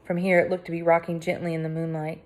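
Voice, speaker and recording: A woman reading a first-person audiobook aloud with dramatic, tense delivery that drops to hushed tones. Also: fairly low pitch, little pitch movement, fast talker. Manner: dramatic, swinging between hushed and cried out. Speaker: audiobook narrator.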